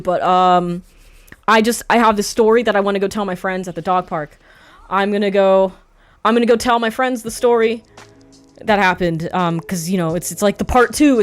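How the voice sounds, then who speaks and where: Young woman rambling a story, swearing. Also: mid-range voice. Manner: rambling, swears freely, quick asides and laughs. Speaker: streamer. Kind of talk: casual storytelling.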